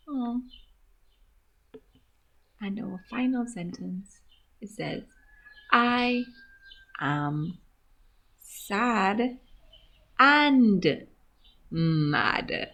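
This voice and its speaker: Slow, gravelly-voiced woman teaching phonics. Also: mid-range voice, lively intonation. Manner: slow, sounding out letters and words; gentle, encouraging, asks questions to young pupils. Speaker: grade one teacher. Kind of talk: phonics lesson for young children.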